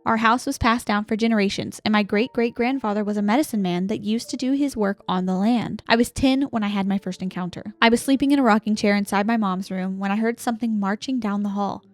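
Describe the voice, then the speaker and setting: A young adult woman co-hosting a podcast, calmly reading listener stories aloud and chatting. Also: mid-range voice, a little fast, few pauses, faint music behind. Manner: calm, reserved reader, laughs easily.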